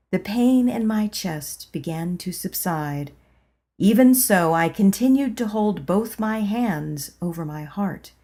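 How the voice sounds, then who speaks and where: A woman narrating a spiritual memoir as an audiobook, in a calm, measured reading voice. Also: on the low side. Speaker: audiobook reader.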